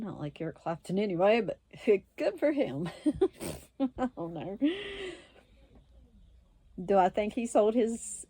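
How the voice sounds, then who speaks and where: A woman's voice: mid-range voice, mellow, no room sound. A woman telling a story in a casual, blunt way, swearing and laughing often. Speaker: self-described witch and medium, vlogger.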